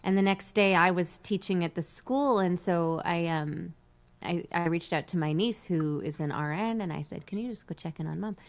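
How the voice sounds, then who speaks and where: A woman's voice: lowish voice, moderate pace. A middle-aged woman, hosting a casual livestream chat, telling stories with frequent laughter. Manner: chatty, laughs often, animated storytelling. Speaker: host.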